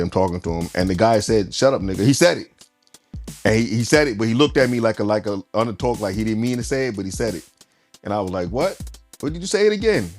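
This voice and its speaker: A man's voice: low voice, darkish tone. A man sharing a personal story in a casual group discussion, retelling it step by step with quoted dialogue. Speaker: panel guest.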